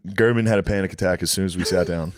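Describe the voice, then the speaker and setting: A man's voice: low-pitched, steady tone, fast, no room sound, clean studio sound. A man in his thirties co-hosting a podcast, casual and crude, telling stories with acted quotes. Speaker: podcast co-host. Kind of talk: casual comedic chat.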